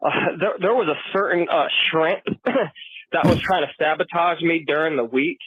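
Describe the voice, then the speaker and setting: Swearing fired-up guy ranting on a sports podcast, kinda high voice, tinny phone-ish sound. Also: normal speed, slightly rough, dry recording. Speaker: podcast co-host. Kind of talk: heated sports reaction rant. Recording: dry tinny phone-like audio.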